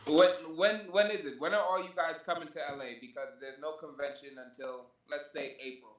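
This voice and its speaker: A man with a somewhat high voice teases his friends bluntly, sounding set back from the mic in an echoey room. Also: fairly even intonation, brisk, recorded from a distance. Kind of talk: casual chat.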